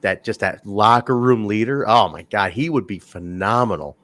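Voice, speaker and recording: A man co-hosting a casual wrestling review chat, telling stories in a rambling, animated way. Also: lowish voice, moderate pace, dry recording. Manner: rambling, animated storytelling with laughs. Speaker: podcast co-host reviewing wrestling.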